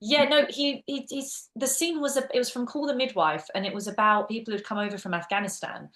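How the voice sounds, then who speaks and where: A woman's voice: on the high side, fairly quick. A British woman, an actress and teacher, chatting as a podcast guest and telling stories animatedly with plenty of fillers. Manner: animated storytelling with many fillers. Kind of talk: casual interview chat.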